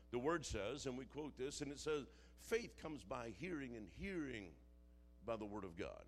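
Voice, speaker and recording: A man preaching a sermon, moving from quiet storytelling to shouted, dramatic passages. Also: medium pitch, slight background noise.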